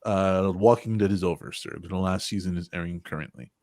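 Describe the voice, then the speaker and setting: Low-voiced guy in his 40s, rambling, cusses a lot, laughs a bunch, dry sound. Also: a little fast, a little mellow, no room sound. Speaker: podcast host. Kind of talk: casual chat.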